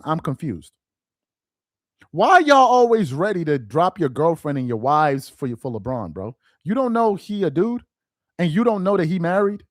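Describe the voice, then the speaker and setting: A sports commentator host rants to camera in a high, wide-swinging male voice, full of mocking disbelief. He throws out rhetorical questions, trips over repeated words as he gets heated, and climbs into shouting. The recording is close and dry, with no echo.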